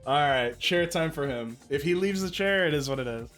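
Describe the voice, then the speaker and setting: A young man with a fairly high voice talks loosely to his stream from home. He slips into cooing baby talk for his pet and drops casual swears. Faint music plays behind him. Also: lively intonation, normal speed, fairly bright tone. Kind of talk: casual chat to viewers. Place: at home indoors. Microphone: desk mic, handled up close.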